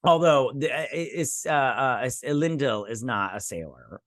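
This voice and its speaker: A man's voice: mid-range voice, moderate pace, fairly bright tone, no room sound, clean studio sound. A man hosting a casual video review, ranting bluntly and scornfully, swearing, stumbling over restarts and fillers. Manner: frequent restarts and filler stammers. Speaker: show host.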